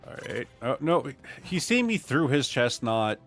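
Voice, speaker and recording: A man from Ohio gives casual play-by-play while streaming a game. His mid-pitched voice leaps up and down, swinging from mutters to excited outbursts. Faint game music plays behind him. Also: unhurried. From Ohio, USA. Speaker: gaming streamer. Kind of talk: casual gameplay commentary.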